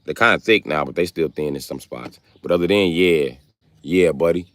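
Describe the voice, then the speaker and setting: A man's voice: low voice, moderate pace, no room sound. A man giving a profane, rambling, joking rant on a casual livestream, talking outdoors in public.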